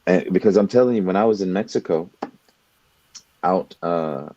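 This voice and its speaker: Deep earnest man, dull dry sound. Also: moderate pace, dark tone. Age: young adult. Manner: earnest, repeats words while building a point. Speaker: podcast co-host. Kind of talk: motivational talk.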